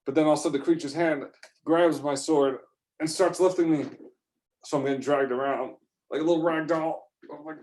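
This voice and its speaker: A man telling an improvised first-person adventure story in a rambling, excitable way, full of fillers and restarts. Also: fairly high pitch, normal speed.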